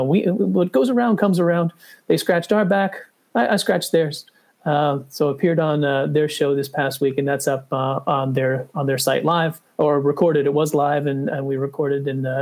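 A man's voice: fairly high pitch, normal speed, darkish tone. A man co-hosting a casual board game podcast, talking with many fillers and restarts. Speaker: podcast co-host. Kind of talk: casual chat.

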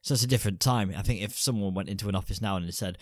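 A man's voice: fairly low pitch, rapid-fire, dry recording, clean studio sound. A man co-hosting a casual film review podcast, bantering crudely with rambling asides. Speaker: podcast co-host.

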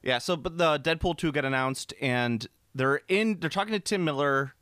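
A man's voice: a little high, moderate pace, a bit bright, clean tone, no room sound, studio quality. A man co-hosting a podcast in casual movie chat, rambling with fillers and laughs. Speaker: podcast co-host.

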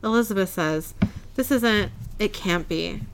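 A woman's voice: mid-range voice, measured pace, a little hiss or hum. A woman casually recapping a TV episode, narrating scenes and quoting characters' lines, often laughing. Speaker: podcast co-host recapping an episode. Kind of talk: casual chat, reading scenes aloud.

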